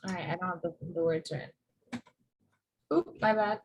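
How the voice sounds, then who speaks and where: A woman teaching English pronunciation in a class, slow and patient, modeling sounds over and over for her students. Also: fairly low pitch, slight background noise, poor audio. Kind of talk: online class lesson.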